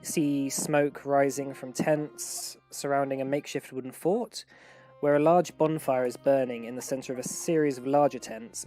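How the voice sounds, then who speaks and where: A man narrating a tabletop game as game master, relaxed and rambling, with many fillers. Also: a little high.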